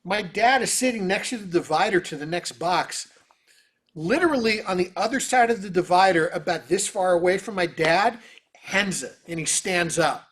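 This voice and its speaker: A man, a guest on an interview, telling stories and answering questions in an animated, casual way over a video call. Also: sits high, moderate pace, husky. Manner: animated, lots of fillers. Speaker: orchestra trumpeter, interview guest. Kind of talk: casual storytelling.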